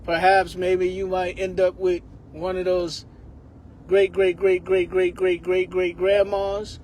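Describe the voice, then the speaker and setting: A man's voice: high-pitched, completely flat delivery, slow, a little mellow, a little hiss or hum. A man giving a rambling comedic monologue, laughing often.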